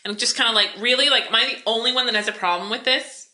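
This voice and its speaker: A woman's voice: a little high, fast, bright, forceful tone. A woman co-hosting a podcast, chiming in with profane jokes in casual chat. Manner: joking, profane interjections. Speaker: podcast co-host. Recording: echoey room with faint noise.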